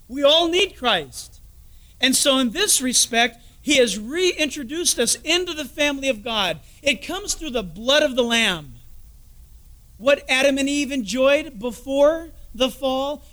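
High bright-voiced male preacher. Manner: storytelling preacher, drops to soft confiding asides. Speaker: pastor. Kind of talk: sermon.

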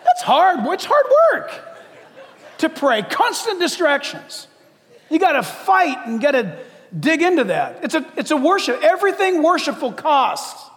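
A male pastor preaching an animated, conversational sermon with humor. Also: extremely high pitch, long reverb tail.

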